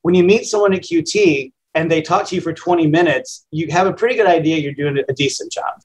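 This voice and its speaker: A radio host in his fifties talks plainly and casually, the way he would at a kitchen table. His voice sits a little high for a man, and he keeps the tone self-deprecating and easygoing. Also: a little fast, low-quality recording. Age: 50s. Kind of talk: casual interview answers.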